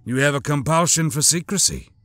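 A man voicing a cold, terse male bounty hunter in an audiobook, speaking flat and without emotion. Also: a little high, fairly quick, no room sound, faint music behind. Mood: cool. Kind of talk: audiobook character voice.

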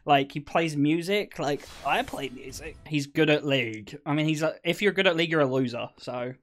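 A man's voice: fairly high pitch, normal speed, a bit bright. A man in his twenties, chatting and joking teasingly with his viewers while streaming a game. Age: 20s. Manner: teasing, joking, often laughing. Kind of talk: casual live-stream chatter.

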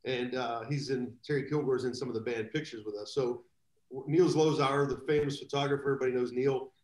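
Man, guest drummer, rambling anecdotes, animated, echoey room, video call. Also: mid-range voice, a little fast. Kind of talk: casual storytelling in a live video chat.

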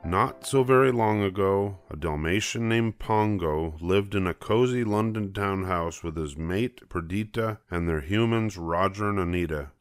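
Older male storyteller, smooth resonant voice, dry close sound. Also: low voice, normal speed, hardly any pauses, no echo, soft background music. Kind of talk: storybook read-aloud.

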